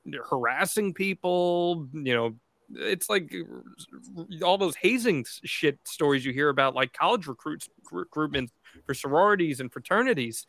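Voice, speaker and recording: A man's voice: fairly high pitch, animated, normal speed, fairly bright tone, no room sound. Dry-sounding man asking interview questions. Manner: conversational, asks long setup questions. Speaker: podcast co-host, interviewer. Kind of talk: casual interview.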